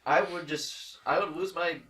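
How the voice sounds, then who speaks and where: A man's voice: on the high side, steady tone, moderate pace, pushed and bright, distant mic. Rambling, enthusiastic young man. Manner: rambling, enthusiastic, many fillers. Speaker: podcast co-host. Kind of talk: casual chat.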